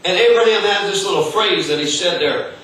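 A male pastor delivers a sermon in a bright, forceful voice, often stumbling and repeating words as he gathers his thoughts. He sounds distant from the microphone in a very echoey room, with faint noise behind him. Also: sits high. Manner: halting, repeats words while searching.

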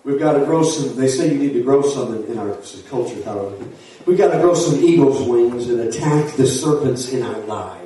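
Fiery preacher, echoey hall. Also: male voice, medium pitch, a little fast, distant mic, a little hiss or hum. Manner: fiery preaching, rising to shouts, Southern-style folksy asides. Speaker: pastor. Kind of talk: sermon. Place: church sanctuary.

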